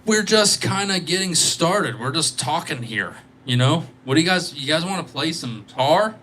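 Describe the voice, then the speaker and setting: A man's voice: on the high side, very animated, normal speed, fairly bright tone, slight background noise. Tired, joking man chatting on a livestream. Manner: rambling, joking, playful. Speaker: livestreaming guitarist. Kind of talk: casual live-stream chat with viewers. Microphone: microphone.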